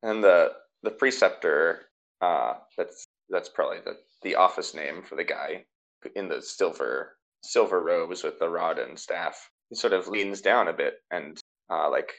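A man narrating as game master for a tabletop game, halting often with fillers and restarts. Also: sits low, vocal fry, fairly bright tone, rough recording.

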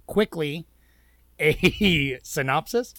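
A man's voice: a little high, lively intonation, very slow, creaky, a bit bright, no echo. A man hosting a casual movie-review podcast, loose and joking, with frequent swearing. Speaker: podcast host.

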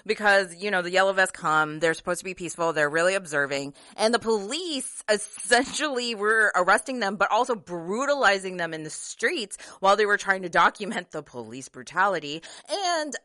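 A woman co-hosting a casual political discussion, speaking in a lively, emphatic way. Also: medium pitch, normal speed, hardly any pauses, no echo. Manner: lively, laughs easily, emphatic. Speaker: podcast co-host.

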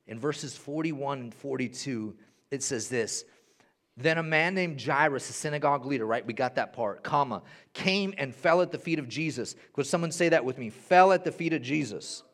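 A young man preaching a sermon in a church, animated, swinging from hushed to loud and repeating phrases for emphasis. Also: medium pitch, moderate pace. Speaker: pastor.

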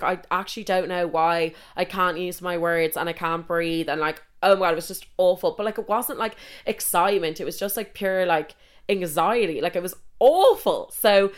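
A woman's voice: on the low side, smooth. A young woman with an Irish accent telling a story casually, chatty and full of swearing and "like". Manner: chatty, swears a lot, constant "like".

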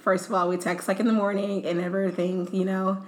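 A woman's voice: mid-range voice, flat delivery, brisk. A young woman co-hosting a podcast, talking casually with laughing, teasing banter. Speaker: podcast co-host. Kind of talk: casual chat.

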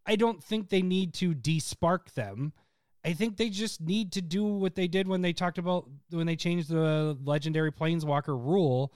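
A man's voice: on the high side, moderate pace, a little mellow, dry recording, clean studio sound. A man co-hosting a podcast in casual chat, rambling and often breaking into laughter. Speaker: podcast co-host.

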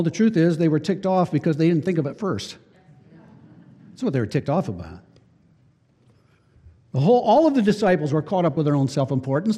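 A man's voice: high-pitched, a little mellow, in a large hall. A man preaching a sermon as pastor, emphatic, repeating key phrases and putting rhetorical questions to the congregation.

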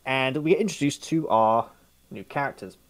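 Chatting casually as a podcast co-host, a young man meanders through a film review, often self-correcting. He speaks at normal speed in a mid-range voice.

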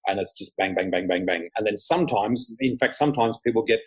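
A middle-aged man chats casually as a podcast guest. His voice is husky and his delivery is animated, full of storytelling and acted-out dialogue. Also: lowish voice, fast talker, low-quality recording. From Australia. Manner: animated storyteller, often laughing, acts out quotes. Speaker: guest psychic. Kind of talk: casual interview chat.

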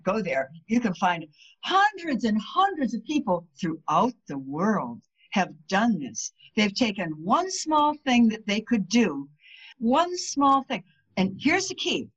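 A woman guest on a podcast, talking casually about spirituality and telling stories, and she acts out the voices of the people in them. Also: medium pitch. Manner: animated storyteller, acts out quoted voices. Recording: dull lo-fi sound.

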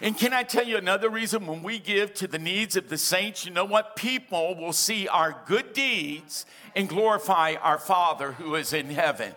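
A man's voice: high voice, normal speed, hardly any pauses, some chatter behind. A male pastor preaching a sermon with energy, asking the congregation for amens and dropping in humorous asides. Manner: energetic preaching with call-and-response questions.

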